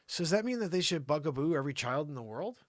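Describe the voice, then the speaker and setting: A man hosting an improvised comedy news show, talking in a mocking, animated way to an imaginary co-host. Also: fairly high pitch, quick pace, no echo, studio quality.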